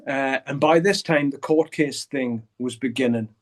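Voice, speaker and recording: A man's voice: medium pitch, normal speed. Blunt man telling a story. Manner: blunt, swears often, acts out quoted dialogue. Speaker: guitarist interviewee. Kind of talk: candid storytelling interview. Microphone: video call.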